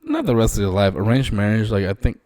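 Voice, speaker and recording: A man's voice: fairly low pitch, lively intonation, fast talker, darkish tone. A young man co-hosting a podcast, telling stories in a loose, rambling way with lots of fillers. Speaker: podcast co-host. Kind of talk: casual chat.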